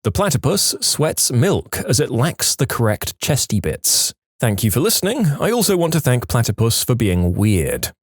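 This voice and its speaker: Lively man reading posts with wry asides. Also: medium pitch, moderate pace, hardly any pauses, no echo, clean studio sound. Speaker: podcast host reading listener posts. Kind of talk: reading online posts aloud.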